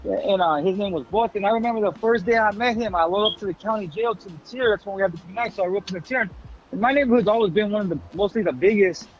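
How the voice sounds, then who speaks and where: Fast high-voiced man telling stories. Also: lo-fi sound. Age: 40s. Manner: rapid street slang, swears freely. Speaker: guest. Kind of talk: casual interview storytelling.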